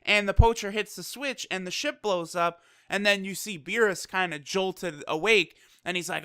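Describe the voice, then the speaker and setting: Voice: mid-range voice, normal speed, few pauses, bright, forceful tone, clean tone, dry recording, clean studio sound. A casual anime episode reviewer recapping the plot, chatty and loose, swearing and laughing easily. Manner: loose, full of fillers like "you know".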